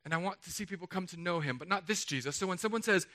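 A man preaching a sermon in a chapel, emphatic and energetic, swinging between loud declarations and quiet asides. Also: sits high, very fast, few pauses. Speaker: pastor.

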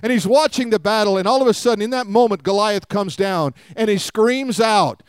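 A man's voice: high voice, a little fast, few pauses, no echo, studio quality. A man preaching a sermon, retelling a story with acted-out quotes and calls for the congregation to respond.

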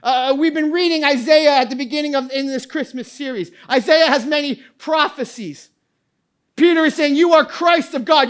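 A woman preaches a sermon in a high, bright-toned voice. She presses her points with emphatic, repeated questions. She slips quoted lines in as asides. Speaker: pastor.

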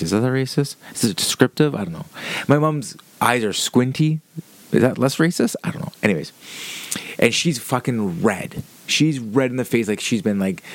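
A man casually telling a rambling story, swearing freely, with lots of "like" and "um" along the way. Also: on the low side. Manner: rambling, profane, with frequent fillers.

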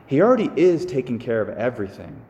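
A priest giving a casual, animated homily to his congregation, with sighs and small asides. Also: medium pitch, fast talker, in a large hall, dull audio. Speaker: Catholic priest. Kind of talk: conversational homily.

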